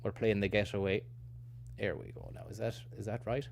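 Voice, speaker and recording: A man's voice: lowish voice, little pitch movement, a little fast, gravelly. A man hosting a stream, rambling through casual, self-mocking commentary with sweary asides. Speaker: streamer host.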